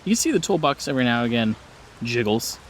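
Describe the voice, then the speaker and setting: A man narrating a tabletop horror game as game master, with a relaxed, halting delivery full of restarts. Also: mid-range voice, a little hiss or hum, poor audio.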